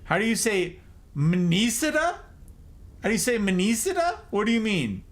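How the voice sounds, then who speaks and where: Male streamer, playful teasing, bouncy high voice, laughs often, desk mic. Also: big pitch swings, moderate pace. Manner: playful, teasing, joking mispronunciations. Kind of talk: casual livestream chat with viewers.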